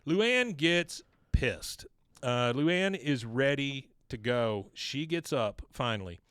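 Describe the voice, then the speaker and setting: An animated man co-hosts a casual podcast, walking through a cartoon episode scene by scene. His pitch swings widely, jumping up whenever he acts out a character. The sound is close and dry, with no room echo. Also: takes it slowly, smooth. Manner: animated, acts out quotes in excited bursts. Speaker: podcast co-host. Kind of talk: casual recap chat.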